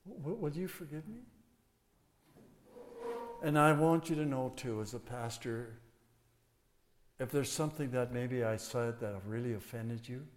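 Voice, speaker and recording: A man's voice: mid-range voice, normal speed. An older man preaching as a pastor, folksy and emphatic, with a closing blessing. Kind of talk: sermon. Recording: long hall reverb.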